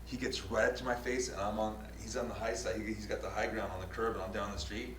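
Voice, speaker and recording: A man hosting a show, telling a story in a casual, profane and animated way. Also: lowish voice, fast talker, slight background noise. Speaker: show host and news videographer.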